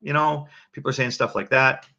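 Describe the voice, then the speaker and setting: Gravelly-voiced man hosting a livestream. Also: mid-range voice, brisk. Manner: animated, rambling, many restarts. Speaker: livestream host. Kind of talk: casual livestream commentary. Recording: dull lo-fi mic.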